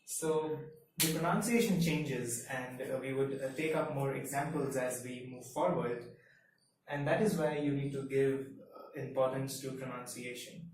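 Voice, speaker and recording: A man whose first language is Hindi, teaching a Mandarin lesson in a measured, step-by-step way. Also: medium pitch, darkish tone. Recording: very echoey room, mic far off, faint hiss.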